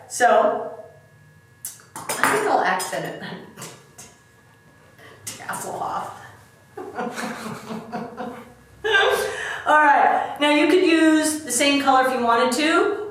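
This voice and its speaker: A middle-aged woman, a DIY expert, casually talking through a craft demonstration step by step in a chatty, self-deprecating way. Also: fairly high pitch. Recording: echoey room, mic at a distance, faint background noise.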